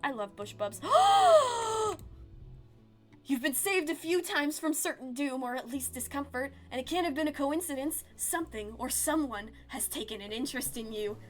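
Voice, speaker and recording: A woman streamer reading a narrative game aloud in an expressive, storytelling way. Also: high-pitched, a little fast, few pauses, faint music behind.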